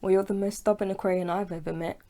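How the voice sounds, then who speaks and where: A woman's voice: medium pitch, steady tone, fast, mellow, natural voice. A woman reading as a smug, pushy young man. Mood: persuasive.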